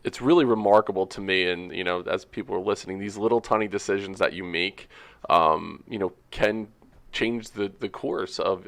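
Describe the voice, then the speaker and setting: A man hosting a podcast interview, reflective and halting as he asks his questions. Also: lowish voice, vocal fry. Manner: reflective, halting, many fillers. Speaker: podcast host.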